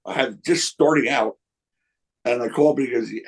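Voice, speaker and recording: A man's voice: mid-range voice, brisk, slightly rough, low-quality recording. An older man, a former wrestling promoter, answering interview questions with candid anecdotes and quoting people along the way. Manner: candid, anecdotal, quotes others in voices.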